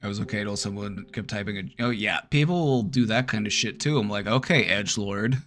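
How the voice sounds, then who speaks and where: A livestream host with a fairly low, fairly bright voice talks a little fast to his chat, casual and blunt, swearing freely over soft background music.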